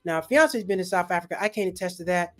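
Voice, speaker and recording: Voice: medium pitch, quick pace, faint music behind. Rambling, casual travel podcast host. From Europe. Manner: rambling, loose, many fillers and self-corrections. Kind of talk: casual chat.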